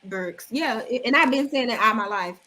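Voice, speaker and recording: A woman with a Southern US accent co-hosting a live stream, loud and teasing, swearing freely in casual chat. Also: on the high side, lively intonation, normal speed, slight background noise. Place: home room on a live stream.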